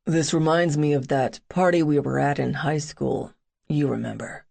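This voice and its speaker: A woman voicing a brooding, teasing young man, his lines low, hushed and wry. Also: normal speed, vocal fry, exaggerated voice.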